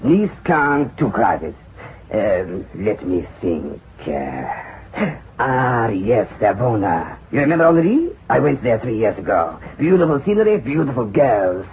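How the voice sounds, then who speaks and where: A flamboyant, smooth-talking financier who rolls his words out grandly, his pitch swooping up and down as he charms and coaxes. The dull old radio drama recording has a faint hiss. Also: a little slow. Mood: persuasive. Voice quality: expansive, persuasive, lively intonation. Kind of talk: vintage radio drama acting.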